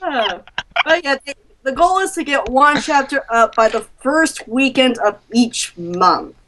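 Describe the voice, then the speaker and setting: A woman's voice: sits high, expressive, a little slow, background noise. A woman, writer and director of an audio drama, talking casually with her cast over a video call.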